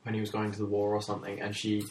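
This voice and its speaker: A man's voice: lowish voice, completely flat delivery, racing, a little mellow, slight background noise. A young man chatting casually about ad ideas, hesitant with many fillers. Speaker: co-host discussing ad ideas. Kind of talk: casual chat. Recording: roomy, distant mic.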